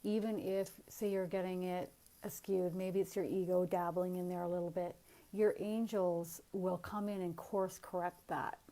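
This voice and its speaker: A woman giving a spiritual teaching talk, speaking in a calm, earnest and encouraging way. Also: lowish voice, normal speed.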